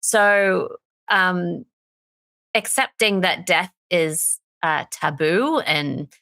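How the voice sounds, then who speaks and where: A woman's voice: on the low side, extremely slow, creaky, bright, forceful tone, no echo. A woman speaking as a therapist guest in a podcast interview, earnest and openly talking through her grief, sometimes laughing through tears. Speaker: somatic therapist and coach, guest. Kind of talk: candid interview conversation.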